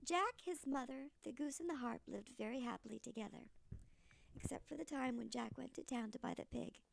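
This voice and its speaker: An older woman reading a children's story aloud, slow and animated, with a gravelly voice. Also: high-pitched.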